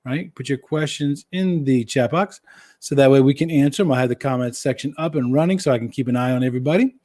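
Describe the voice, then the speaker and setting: A man's voice: mid-range voice, a little fast, darkish tone. A man hosting a casual live-stream Q&A for viewers, folksy and jokey, who repeats his key phrases for emphasis. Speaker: host answering viewer questions.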